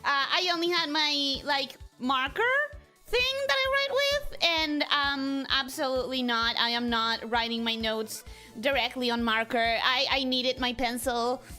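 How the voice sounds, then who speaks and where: A bright, high-pitched woman streaming live, bubbly and chatty as she welcomes her viewers one by one. She rambles, laughs at her own slip-ups and pokes fun at herself. Faint music plays behind her. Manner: bubbly, greets viewers in a repeated welcome routine; rambling, self-deprecating, quick to laugh. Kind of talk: casual livestream chat.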